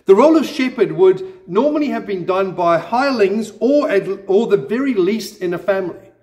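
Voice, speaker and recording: A man with a notably high speaking voice delivers a sermon in a church. He preaches earnestly but mixes in gentle self-deprecating humor. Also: expressive, moderate pace. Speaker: pastor.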